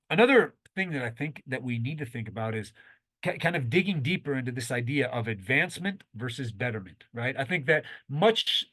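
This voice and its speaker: A man's voice: mid-range voice, a bit bright. A male professor giving a recorded online lecture in a conversational, explanatory way, thinking aloud and often restarting his sentences. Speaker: university professor.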